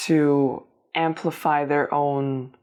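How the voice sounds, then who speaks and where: A woman giving a tarot reading, talking straight to the listener in a meandering way with restarts and gentle reassurance. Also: deep voice, level tone, slow, smooth. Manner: meandering, many restarts and fillers, addresses listener directly. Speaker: tarot reader. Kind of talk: unscripted spiritual reading to camera.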